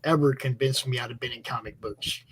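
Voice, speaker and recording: A man's voice: medium pitch, steady tone, brisk, over a noisy crowd, low-quality recording. A man hosting a casual chat, enthusiastic and rambling, with many fillers and restarts. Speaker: host. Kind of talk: casual chat about comic books.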